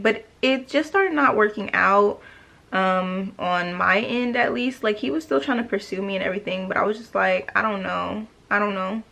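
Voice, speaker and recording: A woman's voice: mid-range voice, gravelly, a bit bright. A young woman vlogger rambling through a makeup tutorial and a casual personal story, correcting herself often, sassy and talkative. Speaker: beauty vlogger.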